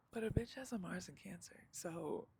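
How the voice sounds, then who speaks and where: A woman's voice: fairly low pitch, gravelly, dark tone, breathy edge. A young woman vlogging live outdoors in a chatty, slangy, self-mocking way, laughing often. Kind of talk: casual live vlog chat.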